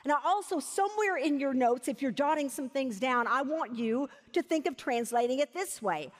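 A woman teaching a sermon with emphasis, slowing down to stress key words. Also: sits high, lively intonation. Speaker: Bible teacher. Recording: long hall reverb.

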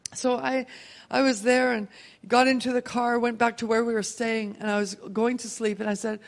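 A woman preaching a sermon, telling a personal testimony with lively, emotional storytelling. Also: on the high side, moderate pace, vocal fry. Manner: animated storytelling, laughing and emotional.

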